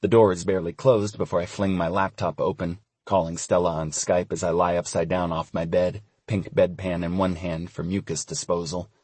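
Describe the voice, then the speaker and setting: A young man giving relaxed, wry first-person audiobook narration. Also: low voice, moderate pace, few pauses, slightly rough, dry recording.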